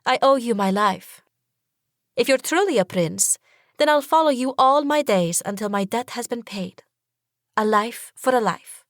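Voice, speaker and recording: A frightened young woman on the run, her voice pitched high and strained as she pleads. A woman reads her out in an audiobook. The sound is close and dry. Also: expressive, unhurried, dry recording. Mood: grateful.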